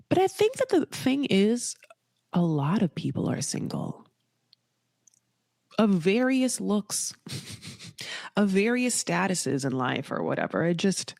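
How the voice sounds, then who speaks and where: A woman's voice: fairly low pitch, vocal fry, darkish tone, dry recording, studio quality. A woman hosting a podcast, recapping a reality show in a chatty, campy way and calling the listener honey. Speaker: podcast host. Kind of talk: casual solo recap commentary.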